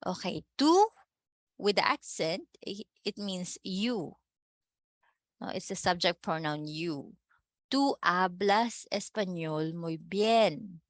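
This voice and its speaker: A woman's voice: mid-range voice, a bit bright, no echo. A woman with a Filipino accent teaching a Spanish class, often checking in with "no?" and "okay?" and slipping in Tagalog phrases. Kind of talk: online class lecture.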